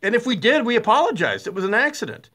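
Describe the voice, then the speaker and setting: A middle-aged man hosts a talk radio show. His voice sits a bit high for a man and sounds bright and forceful. He talks in a blunt, sarcastic monologue, animated, with lots of uh's and restarts. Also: quick pace.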